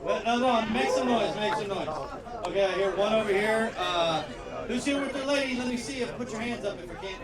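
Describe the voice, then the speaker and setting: High-voiced emcee hyping an outdoor crowd. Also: male voice, a little fast. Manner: loose, filler-heavy crowd banter. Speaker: emcee of the show. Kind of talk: live show hosting with crowd work. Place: outdoor backyard patio. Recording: echoey, distant, loud crowd. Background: loud crowd.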